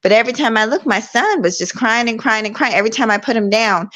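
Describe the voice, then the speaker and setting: A middle-aged woman talking over a laptop call, earnest and telling a story in a lively way. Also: a little high, fast. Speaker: guest. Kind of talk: casual conversation. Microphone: laptop online call.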